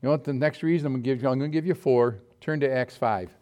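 A preacher speaks fast at a medium pitch, telling lively personal stories during his sermon. He performs quoted lines with sudden jumps in his voice.

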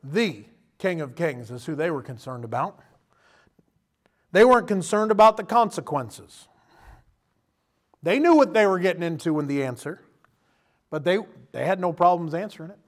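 Preacher, male, high voice, animated delivery that swells to loud emphatic bursts. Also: normal speed, pauses often. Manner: direct questions to the listener. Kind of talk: sermon.

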